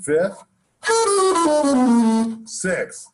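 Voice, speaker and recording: A man teaching a jazz lesson, explaining scales in a relaxed way and counting off examples. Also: extremely slow, over loud music. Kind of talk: instructional lesson with playing examples.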